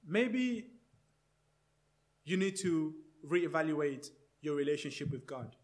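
A man preaching a sermon at a slow, deliberate pace, his voice sitting a little high for a man. He leans on repeated rhetorical questions, swelling loud for emphasis and then dropping to a hush. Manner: slow, repetitive rhetorical questions, swinging between loud and hushed.

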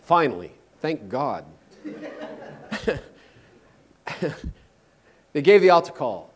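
A man preaching a personal testimony sermon, emphatic, swinging between loud declarations and hushed low passages. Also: very animated, drawn-out words, a little hiss or hum.

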